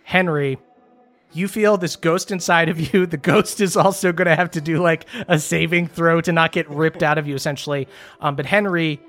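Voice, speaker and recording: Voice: mid-range voice, fairly even intonation, normal speed, a bit bright, faint music behind. A game master narrating a tabletop game in a casual manner, laughing and swearing freely.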